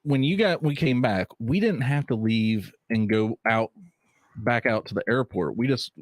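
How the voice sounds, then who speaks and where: A man's voice: mid-range voice, moderate pace, no echo. A man in a casual chat, dropping short questions and reactions. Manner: brief questioning interjections.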